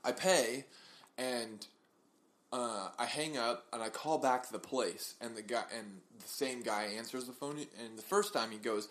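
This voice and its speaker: A man's voice: mid-range voice, a little slow. Young guy on a podcast, chatty storytelling, acts out what everyone said. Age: young adult. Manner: animated storyteller acting out quoted people. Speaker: podcast co-host. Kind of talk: casual storytelling chat.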